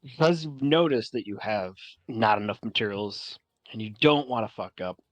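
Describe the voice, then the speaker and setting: A man's voice: on the low side, lively intonation, moderate pace, dry recording. A man narrating a tabletop game as game master, casual and rambling with many fillers.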